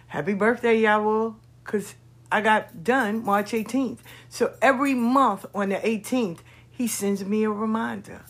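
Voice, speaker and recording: A woman hosting her own podcast, telling stories in a casual monologue that swings from hushed asides to loud, drawn-out emphasis. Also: mid-range voice, steady tone. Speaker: podcast host.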